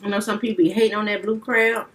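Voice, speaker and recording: A Louisiana woman speaks quickly in a mid-range, level, fairly bright voice as she co-hosts a mukbang, chatting casually and laughing easily over her food. She's recorded from a distance, and the rough recording has a light hiss.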